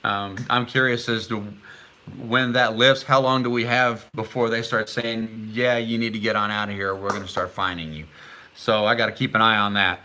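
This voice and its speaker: A middle-aged man hosting a casual live stream, chatting and reading viewer comments aloud while haltingly sounding out foreign words. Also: lowish voice, fairly even intonation, bright, forceful tone, slight background noise.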